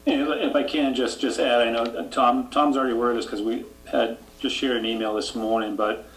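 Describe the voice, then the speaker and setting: A man's voice: mid-range voice, fairly even intonation, brisk, soft background music. A man giving the board a casual update at a town meeting, hesitant with many fillers and restarts. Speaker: town official. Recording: distant mic with faint hum.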